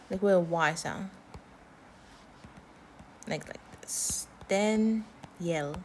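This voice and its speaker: American woman, language teacher; unhurried, patient delivery, mid pitch, light background noise. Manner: slow, patient explaining with repeated example words. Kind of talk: online language lesson.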